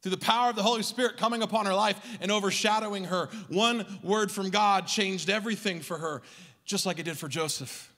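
Male pastor, high voice, rhythmic sermon, long church-hall reverb. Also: brisk. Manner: rhythmic preaching, swings from loud to hushed. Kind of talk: Christmas Eve sermon. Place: church sanctuary.

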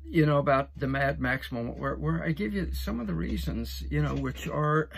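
A man's voice: a little high, normal speed, a little hiss or hum. A man in his sixties hosting a talk show, chatting in a rambling way with many restarts and fillers. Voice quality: gravelly, husky. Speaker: host. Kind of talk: casual talk show monologue.

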